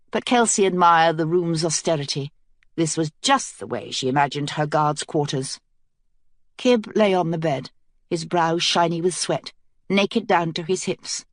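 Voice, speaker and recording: A woman narrating a fantasy audiobook in a measured, even storytelling manner. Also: sits low, dry recording, clean studio sound.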